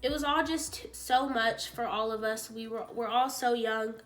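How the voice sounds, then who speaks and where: Young woman, teary and rambly, says "like" a lot, kinda high voice, soft music behind. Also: fairly even intonation, unhurried. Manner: rambling, heavy use of "like", acts out quoted talk. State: tearful, voice breaking. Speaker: vlogger. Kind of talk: emotional storytime vlog.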